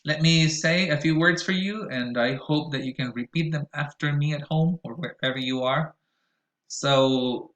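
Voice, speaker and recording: Man slowly modeling English vowels. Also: fairly high pitch, a bit bright, echoey room, rough recording. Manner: slow, deliberate, exaggerated vowel modeling with frequent fillers. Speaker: English pronunciation teacher. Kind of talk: recorded pronunciation lesson.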